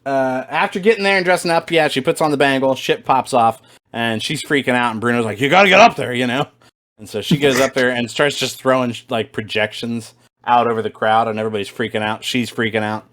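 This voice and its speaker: A man's voice: mid-range voice, fairly even intonation, a little fast, a bit bright. Laid-back man rambling through a podcast chat. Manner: rambling, crude joking, laughs often. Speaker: podcast co-host. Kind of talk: casual chat. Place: home, talking over an online voice call.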